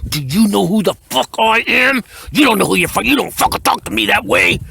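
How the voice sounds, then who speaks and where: A man acting out a volatile male prison inmate boss who shouts profane threats. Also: fairly high pitch, fast, vocal fry, a little hiss or hum. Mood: furious.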